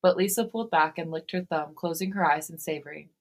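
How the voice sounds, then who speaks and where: A woman podcast host reading fan fiction aloud, steady in her reading and given to breaking into laughter. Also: low voice, quick pace.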